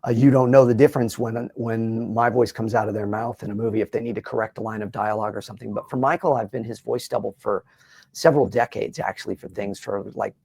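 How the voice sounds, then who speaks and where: A middle-aged man, a voice actor in an interview, talking in a lively way and dropping into quick character voices. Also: lowish voice, creaky, husky, no room sound. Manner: lively, slips into character voices mid-sentence. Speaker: voice actor guest. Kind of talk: animated interview talk with quick voice impressions. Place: Los Angeles, doing press.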